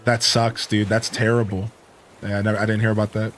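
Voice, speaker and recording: A man's voice: fairly low pitch, flat delivery, a little fast, fairly bright tone, soft background music. A man hosting a live stream, giving an earnest, preachy rant to his viewers with casual slang. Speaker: Twitch streamer and host.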